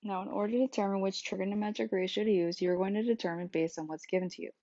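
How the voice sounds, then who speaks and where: A woman's voice: mid-range voice, fairly even intonation, rapid-fire, mellow, no room sound. A woman teaching a math lesson, explaining each step patiently in a recorded screencast. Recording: dull dry lo-fi sound.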